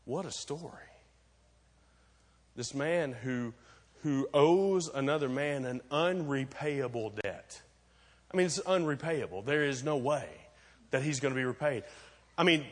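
A man's voice: medium pitch, lively intonation, normal speed. A man preaching a sermon as pastor, talking conversationally, explaining and asking rhetorical questions, then building to emphatic points. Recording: long reverb of a large hall.

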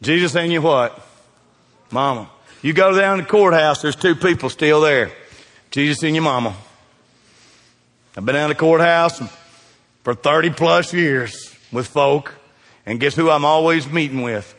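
A middle-aged man preaching a folksy sermon, swinging from loud emphasis down to hushed, quiet lines. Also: on the high side, unhurried, long pauses. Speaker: pastor. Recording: reverberant hall.

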